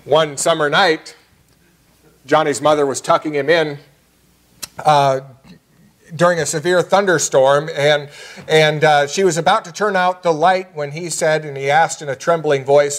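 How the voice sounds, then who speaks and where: A man preaching as pastor in a church, earnest and measured, slowing down on key phrases. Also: on the high side, fairly even intonation. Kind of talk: sermon. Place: church sanctuary.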